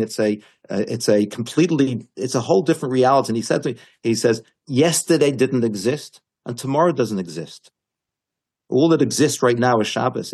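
A man's voice: medium pitch, breathy edge. A man giving a Torah class as a teacher, telling stories animatedly with frequent restarts and emphatic quotes.

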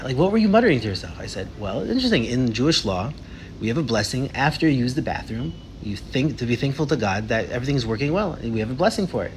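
A man leading a casual Torah discussion, telling stories in an animated way with many restarts. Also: mid-range voice, fast talker, slight background noise.

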